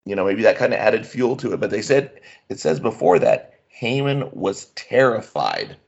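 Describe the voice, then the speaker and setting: A man's voice: on the low side, sing-song, normal speed, creaky, slightly rough. A man thinking aloud in a casual Bible study discussion, in a conversational, musing way. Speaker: Bible study group member. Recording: dull lo-fi recording.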